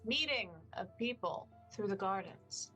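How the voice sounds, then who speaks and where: A woman's voice: medium pitch, animated, measured pace, bright, forceful tone, soft background music. A woman playing an ordinary priest. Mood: smooth. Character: ordinary male priest in disguise.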